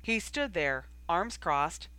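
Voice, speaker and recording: An audiobook narrator with a bright, forceful tone and a steady, expressive storytelling manner. The voice sits at a middle pitch and is recorded dry and close. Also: takes it slowly, clear, resonant tone, no room sound, low-quality recording. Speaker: audiobook reader. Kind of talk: fan fiction audiobook narration.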